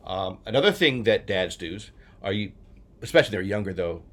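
A man in his forties from New Jersey, co-hosting a casual chat and telling stories he acts out with shouts. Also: lowish voice, brisk. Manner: animated storyteller, acts out shouts. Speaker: podcast co-host.

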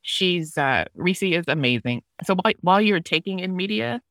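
A woman's voice: on the low side, animated, moderate pace, a bit bright, no echo, studio quality. A woman taking part in a podcast discussion, speaking with enthusiasm. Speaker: podcast guest. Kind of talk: casual discussion.

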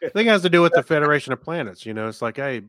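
Relaxed man chatting on a podcast. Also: on the high side, rapid-fire, dry recording, clean studio sound. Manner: relaxed, retells his own reactions. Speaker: podcast co-host. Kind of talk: casual chat.

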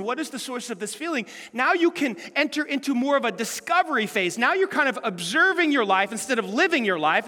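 Pastor guy preaching, high bright voice, lots of questions at the crowd, echoey hall. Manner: animated preaching, rhetorical questions to the congregation. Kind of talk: sermon.

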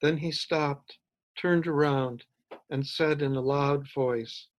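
Slow, measured male author reading. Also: fairly high pitch, steady tone. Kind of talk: reading his own fiction aloud.

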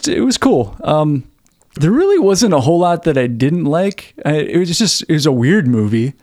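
A man's voice: on the high side, big pitch swings, moderate pace, darkish tone, no echo. A man co-hosting a podcast, talking casually about a film, laid-back and swearing freely, on a close mic. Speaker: podcast co-host.

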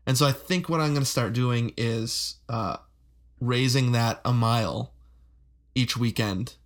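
A man's voice: mid-range voice, a little slow. Midwest guy cohosting a podcast, loose and chatty, laughs a lot. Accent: flat Midwestern. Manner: relaxed, rambling, laughs often. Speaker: podcast co-host. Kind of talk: casual chat.

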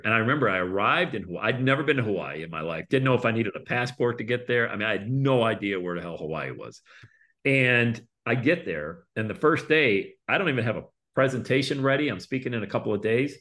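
A middle-aged man telling his story in a casual interview, animated and acting out other people's voices. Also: fairly low pitch, fast. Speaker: guest speaker and coach.

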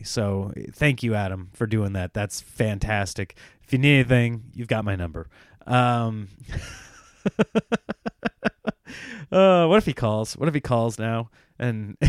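Male podcast host, rambling casual chat, smooth clear voice, dry close sound. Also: mid-range voice, no room sound. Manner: rambling, self-mocking, laughs often.

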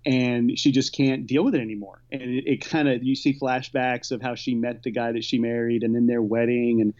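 A podcast co-host chatting casually about a show, relaxed and a little hesitant. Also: mid-range voice, a little fast. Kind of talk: casual chat. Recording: dull lo-fi sound.

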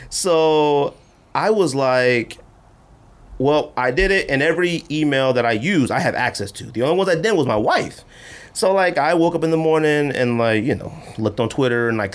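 A man hosting a casual podcast, telling a long story in an animated way and acting out the voices he quotes. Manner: animated, acts out quoted voices with big pitch jumps. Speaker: podcast host.

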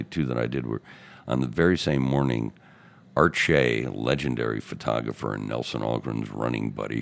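An older man from Chicago, a newspaperman and radio host, telling animated anecdotes as a guest in a podcast studio. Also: very deep voice, gravelly. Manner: animated anecdotes, acting out quotes in other voices. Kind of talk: casual storytelling interview.

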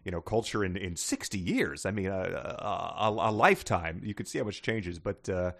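A man's voice: low voice, normal speed, creaky, fairly bright tone. A man co-hosting a podcast book discussion in casual chat, making wry, dry remarks with chuckles. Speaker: podcast co-host.

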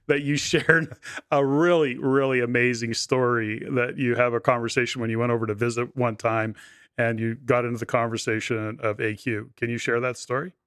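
A man's voice: mid-range voice, little pitch movement, moderate pace, fairly bright tone, smooth, no room sound, studio quality. A man hosting a podcast interview, eagerly prompting his guest to share a story. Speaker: podcast host. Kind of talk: interview conversation.

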